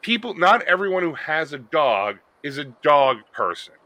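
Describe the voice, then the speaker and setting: A man's voice: on the high side, big pitch swings, sharp tone, dry recording, rough recording. A man co-hosting a podcast, riffing jokily in casual banter. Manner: quick, jokey riffing. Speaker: podcast co-host.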